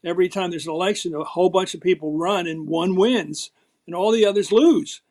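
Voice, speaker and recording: An older man with a Philadelphia accent, telling stories emphatically as an interview guest. His voice sits fairly high, and he slips into the voices of the people he quotes. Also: a little fast, darkish tone. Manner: emphatic, storytelling, acts out quotes. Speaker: guest, former TV political host. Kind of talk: animated interview talk.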